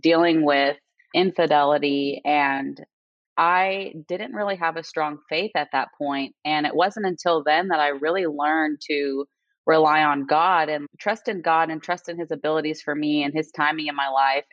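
A young woman with a notably low voice speaks earnestly and from the heart, trailing in easy "you know"s and "like"s. The sound is dull and lo-fi, dry with no room around it. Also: no room sound. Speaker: guest. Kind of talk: casual faith testimony chat. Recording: dull lo-fi audio.

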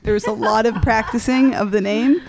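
A woman's voice: on the high side, a little fast, creaky, noisy background. A young adult woman co-hosting a casual podcast, telling a story in a rambling, self-deprecating way with frequent laughs. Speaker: podcast host.

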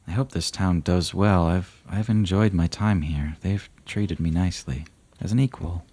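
Mysterious cloaked rider, formal, solemn, husky, low, voiced by a man. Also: normal speed, dark tone. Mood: courteous. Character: mysterious cloaked male rider, grave and courteous. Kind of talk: tabletop role-play.

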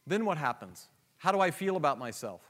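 Male preacher; sermon delivery that swings from hushed and slow to loud and emphatic. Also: on the high side, sing-song. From United States. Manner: shifts from quiet, slow asides to loud emphatic questions; acts out dialogue and inner thoughts, laughs often.

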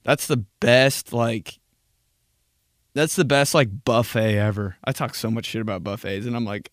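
Young man, podcast host, crude and animated, mid-pitch voice, dry close mic. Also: moderate pace, no room sound. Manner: crude, animated, swears a lot. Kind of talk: casual solo podcast rant.

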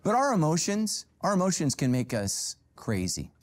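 A middle-aged male pastor preaching a sermon, telling stories with humor and sudden jumps in pitch. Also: huge pitch swings, moderate pace. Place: church stage with a golf cart prop.

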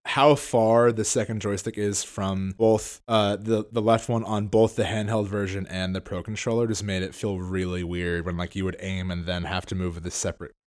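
A young man in a relaxed podcast chat, laughing often and acting out quoted lines as he retells things. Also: low voice, moderate pace, hardly any pauses. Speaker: podcast co-host. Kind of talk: casual chat.

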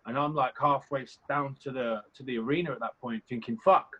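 A young adult man, a reality competition contestant, is the guest in this interview and rambles casually and candidly, swearing here and there. His mid-range voice carries a sharp tone with a breathy edge, fairly even intonation, and a slightly fast pace. Sound quality is slightly muffled and lo-fi.

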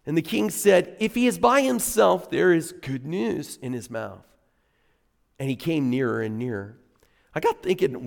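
A medium-pitched, creaky voice belongs to a middle-aged pastor preaching in a church sanctuary, where the hall's long reverb carries his words. His storytelling is conversational, with animated stress on key words.

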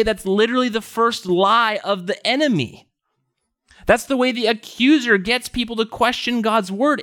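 A man delivers a sermon with earnest conviction, his voice pitched slightly high. He drives his points home by repeating rhetorical questions and rising in emphasis as he goes. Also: fairly bright tone. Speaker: preacher.

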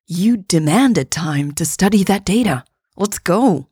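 A woman's voice: fairly low pitch, expressive, slow pace, darkish tone, slightly rough, no room sound, studio quality, exaggerated voice. A woman narrator voicing a curt, impatient rebel leader woman who barks clipped orders.

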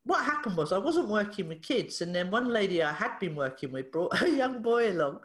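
A woman, a therapist guest on a podcast, telling a story in a lively way, acting out the dialogue and laughing often. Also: fairly low pitch, moderate pace, few pauses. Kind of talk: animated storytelling in an interview. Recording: echoey room.

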